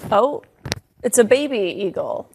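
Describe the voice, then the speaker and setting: A woman from Alabama hosting a live television interview, upbeat and quick to laugh. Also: fairly high pitch, expressive, vocal fry, a little mellow, a little hiss or hum, rough recording. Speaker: TV host.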